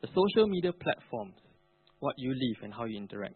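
A man's voice: mid-range voice, big pitch swings, moderate pace, pauses often, breathy edge, no room sound. A male pastor preaching a sermon, emphatic with colloquial asides. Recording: narrow phone-like, dry.

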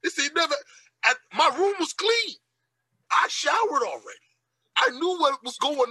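A man hosting a casual podcast, telling crude stories in an animated, profane way with loud outbursts. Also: very high-pitched, breathy edge, dry recording, low-quality recording. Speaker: podcast host. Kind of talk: casual, crude comedic chat.

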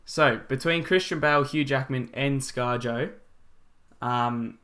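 A man's voice: medium pitch, unhurried, fairly bright tone. A young Australian man on a film-review podcast, rambling and tripping over names as he makes his point. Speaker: podcast co-host. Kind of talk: casual film-review chat.

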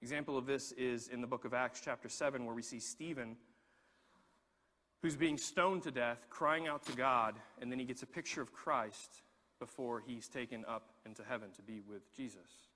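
A man preaching a sermon, telling a personal story in an animated way and repeating words as he gets going. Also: medium pitch, normal speed, in a large hall. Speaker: pastor.

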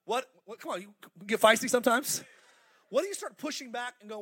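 A high-pitched middle-aged man preaches with fire, urging the congregation on with call-outs. He swings between loud bursts and quiet, close asides, speaking through a stage microphone in a church auditorium. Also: quick pace. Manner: fiery, animated preaching with crowd call-outs. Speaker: pastor. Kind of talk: sermon.

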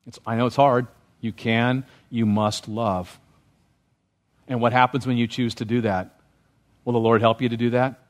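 A male pastor preaches a sermon in a brisk, flat, mid-range voice, often checking in with the congregation by asking questions. He rises in intensity when stirred.

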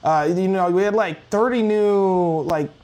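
A man co-hosting a gaming podcast, talking excitedly in a rambling way with lots of fillers and restarts. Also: sits high, unhurried. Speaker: podcast co-host. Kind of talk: casual chat.

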